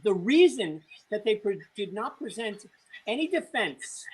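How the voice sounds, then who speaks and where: A woman's voice: mid-range voice, sing-song, unhurried, breathy edge, low-quality recording. Emphatic American woman hosting. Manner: bossy, teasing, emphatic. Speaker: host. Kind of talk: casual chat.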